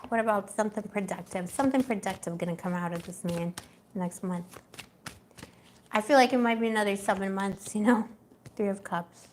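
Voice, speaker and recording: A young woman doing a live tarot reading in a casual, chatty way, laughing often and talking with lots of fillers. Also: mid-range voice. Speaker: tarot reader.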